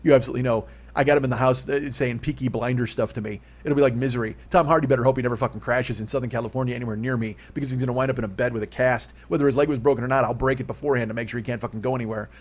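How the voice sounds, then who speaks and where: A man's voice: mid-range voice, fairly even intonation, rapid-fire, hardly any pauses. A man in his fifties hosting a solo comedy podcast, rambling and profane with a self-mocking streak. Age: 50s.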